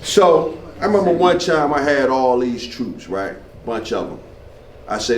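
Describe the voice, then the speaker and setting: Very animated but a little slow, this mid-range male voice belongs to a retired military man in his fifties performing stand-up on a small club stage. He spins loose stories and trades banter with the audience; the audio is distant and roomy, with slight background noise.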